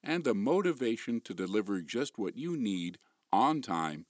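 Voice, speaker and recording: A man voice actor delivering a polished voiceover demo pitch that showcases his range of voices and accents, recorded close on a studio mic. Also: very animated, moderate pace, dry recording.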